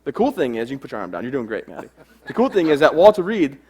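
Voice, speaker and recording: A young adult man, working as a keynote speaker, gives a humorous stage talk to a live audience, joking through self-deprecating stories. His mid-range voice has a darkish tone, and he talks fast with wildly swooping pitch.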